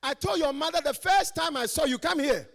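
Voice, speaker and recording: A Ghanaian man preaching a lively conference sermon, teasing his listeners and swinging from quiet asides to shouted calls. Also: extremely high pitch, brisk, gravelly, in a large hall. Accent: Ghanaian English. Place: large conference hall.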